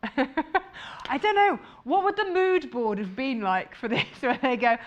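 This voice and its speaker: A woman's voice: sits high, slow, lo-fi sound. A woman presenting fabrics on a live shopping channel, chatty and jokey, laughing often.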